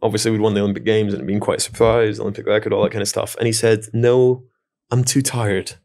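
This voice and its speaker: A man's voice: fairly low pitch, monotone, racing, gravelly, darkish tone. A young man hosting a podcast who chats casually and jokingly and teases his guests for stories. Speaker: podcast host. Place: podcast studio.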